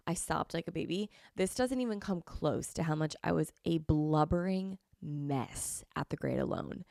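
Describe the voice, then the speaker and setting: Gushing young woman with a gravelly voice. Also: sits low, a little mellow, no room sound, clean studio sound. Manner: gushing, effusive, repeats herself. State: has a cold, sniffly. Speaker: podcast host. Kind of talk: casual chat.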